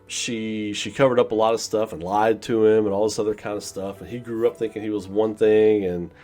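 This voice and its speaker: A man's voice: lowish voice, steady tone, fairly quick, dark tone. A man giving a casual, rambling film review, full of "you know" fillers and acting out scenes in quoted voices. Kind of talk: casual spoken movie review.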